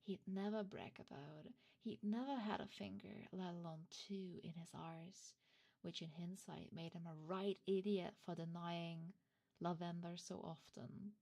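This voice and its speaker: A woman's voice: fairly low pitch, fairly even intonation, a little slow, gravelly, dark tone. A woman streamer, not a native English speaker, reading fan fiction aloud and chatting with viewers in a hesitant, flustered way. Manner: hesitant, flustered, self-interrupting asides. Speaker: streamer host.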